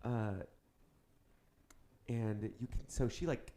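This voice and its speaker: A man's voice: medium pitch, takes it slowly, warm tone. A man narrating as game master in a loose, casual way, with lots of fillers.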